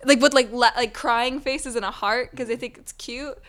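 A woman's voice: fairly high pitch, fairly even intonation, normal speed, fairly bright tone, dry recording. A young woman from Canada co-hosting a podcast in casual chat, giggly and full of fillers. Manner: chatty, giggly, lots of fillers. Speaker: podcast co-host.

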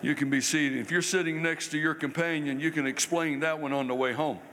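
An older guest preacher from South Carolina delivers a folksy, humorous, conversational sermon in a church sanctuary, the hall's reverb audible. His voice is fairly high, steady, brisk, and fairly bright.

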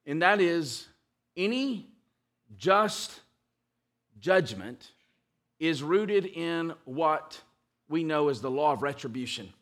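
A man preaching a sermon, reading scripture aloud with emphatic, slowed stress on key words and frequent restarts. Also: on the high side, lively intonation, a bit bright. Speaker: pastor.

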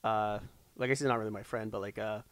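A man's voice: on the low side, steady tone, quick pace, a bit bright, dry recording. A man co-hosting a podcast, telling rambling stories full of restarts. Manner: rambling, lots of fillers and restarts. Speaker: podcast co-host. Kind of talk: casual chat.

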